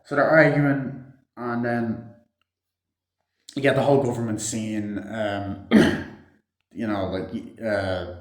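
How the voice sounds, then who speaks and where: A man's voice: lowish voice, fairly even intonation, takes it slowly, pauses often. A man casually recapping a movie scene by scene, rambling and swearing, with a lot of "like" fillers. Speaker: movie reviewer. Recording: echoey room.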